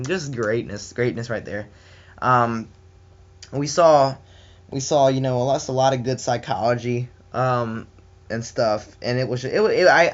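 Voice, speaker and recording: A man's voice: medium pitch, fairly bright tone. Southern guy rambling about a wrestling show, lots of ums and restarts, kinda dull lo-fi sound. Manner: rambling and enthusiastic, with many fillers and restarts. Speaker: wrestling reviewer. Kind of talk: casual solo review.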